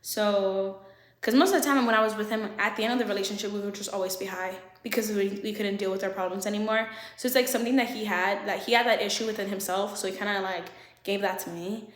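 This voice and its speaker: A young woman vlogger telling a casual storytime, animated, swearing freely, with laughing asides. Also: medium pitch, fast talker. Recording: echoey room.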